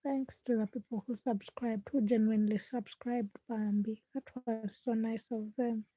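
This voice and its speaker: A woman's voice: on the high side, fairly even intonation, normal speed, warm tone, no echo. A young woman chatting to her live stream viewers at night while doing chores, sometimes dropping to a whisper. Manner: chatty, talks to viewers while busy, drops to whispers at times. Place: home at night.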